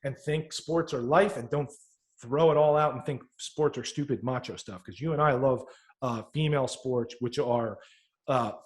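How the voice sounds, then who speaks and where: A man co-hosting a podcast, telling stories in a casual, animated way and swearing freely. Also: medium pitch, moderate pace. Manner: profane, animated storyteller. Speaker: podcast co-host. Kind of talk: casual chat.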